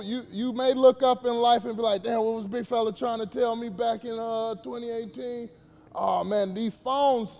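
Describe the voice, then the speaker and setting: A man's voice: high voice, darkish tone, big-room sound. A man giving a casual, slangy motivational talk to young players at a basketball camp, questioning the kids as he goes.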